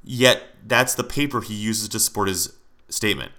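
A man's voice: lowish voice, lively intonation, normal speed, sharp tone. A man hosting his own podcast, talking straight to listeners in a heated rant, with frequent restarts, repeats and swearing. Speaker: podcast host. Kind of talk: solo podcast commentary.

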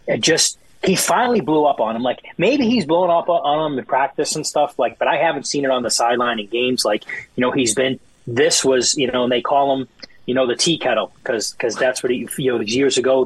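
A man in casual sports podcast chat, rambling and animated, mock-quoting people in exasperated bursts. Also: medium pitch, slightly rough, no echo, rough recording. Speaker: podcast guest.

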